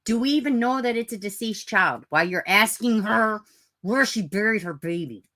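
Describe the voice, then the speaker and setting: A woman's voice: mid-range voice, lively intonation, moderate pace, bright, forceful tone. A woman hosting a true crime livestream, ranting bluntly and profanely and mocking people in sarcastic put-on voices. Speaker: true crime channel host. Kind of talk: livestream commentary.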